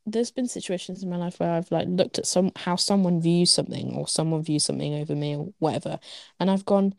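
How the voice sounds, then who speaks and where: Young woman, podcast co-host, lowish pitch, dry close sound, rambling filler-heavy chat. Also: a little fast, creaky, no echo. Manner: rambling, restarting, full of "like" fillers and laughs. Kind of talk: casual chat.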